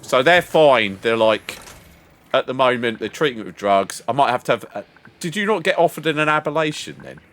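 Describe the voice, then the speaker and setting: An older man streaming a game, chatting casually and telling a long rambling story, putting on higher voices when he quotes people. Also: very animated, normal speed, a bit bright. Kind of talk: casual chat while gaming.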